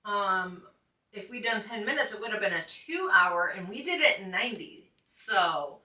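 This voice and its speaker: A woman's voice: medium pitch, expressive, normal speed, distant mic, background noise. A woman hosting a casual online chat show, upbeat and chatty, laughing often. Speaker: show host. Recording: echoey room, a little off mic.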